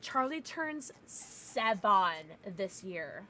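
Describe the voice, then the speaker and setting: A young woman streamer chatting casually with her viewers from a home setup, loud, giggly and profane, her nose stuffed up from crying. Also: medium pitch, very animated, very slow, a little hiss or hum. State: congested from crying. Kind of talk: casual livestream chat.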